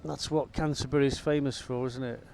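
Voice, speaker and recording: A man's voice: mid-range voice, steady tone, a little fast, creaky, a little mellow, slight background noise. Chatty man narrating a flight sim. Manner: chatty, rambling, wry asides. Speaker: gamer flying a VR helicopter sim. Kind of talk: casual gameplay commentary.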